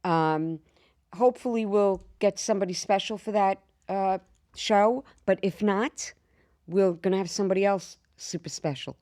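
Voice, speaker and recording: A woman's voice: medium pitch, moderate pace. Brash woman telling a wild story. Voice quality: slight lisp. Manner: brash, animated storyteller who swears freely. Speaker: podcast co-host. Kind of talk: casual storytelling chat.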